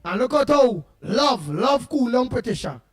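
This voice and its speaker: High-voiced Trinidadian man, animated host. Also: a little slow. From Trinidad and Tobago. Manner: animated storytelling, greets listeners by name, laughs at own jokes. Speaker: radio show host. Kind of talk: casual morning talk show banter.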